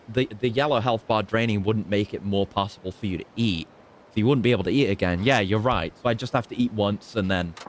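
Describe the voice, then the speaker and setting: A man streaming a video game, thinking aloud in casual, halting commentary. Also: on the low side, a little hiss or hum.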